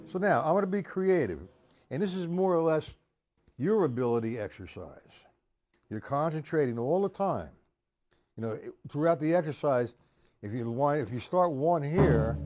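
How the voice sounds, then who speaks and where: A man teaching drums on a live stream, talking through exercises in a slow, chatty way, greeting viewers by name and scatting rhythms aloud. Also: medium pitch, mellow. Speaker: drum teacher. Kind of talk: live-streamed drum lesson.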